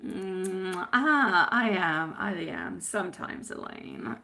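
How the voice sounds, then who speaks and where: A woman's voice: medium pitch, wildly swooping pitch, takes it slowly, hardly any pauses, sharp tone. A woman reading tarot on a live stream, chatting with viewers and calling them sweetie and my love. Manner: chatty, rambling with fillers. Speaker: tarot reader.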